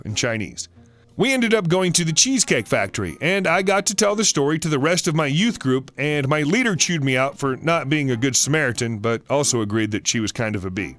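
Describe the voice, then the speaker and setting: A man's voice: a little high, lively intonation, moderate pace, fairly bright tone, faint music behind. A man reading an online story aloud in a wry, sarcastic storytelling manner. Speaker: story narrator.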